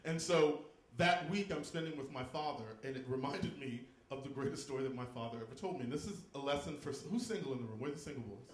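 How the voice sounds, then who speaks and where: A man from Texas doing stand-up comedy in a live venue, campy and loud, jumping into shrieking high squeals for punchlines. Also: fast, few pauses, roomy sound.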